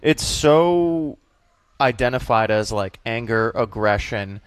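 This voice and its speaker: A man from the Boston area with a light Boston accent, a comedian guest chatting in an animated, jokey way. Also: mid-range voice, clear, resonant tone, no room sound. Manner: animated, jokey, quick bursts. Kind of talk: casual interview chat.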